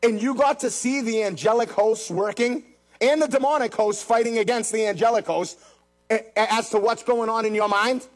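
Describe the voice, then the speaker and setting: The pastor's voice sits high, and he preaches at a normal speed. His sermon is emphatic and repetitive, aimed right at the congregation in front of him.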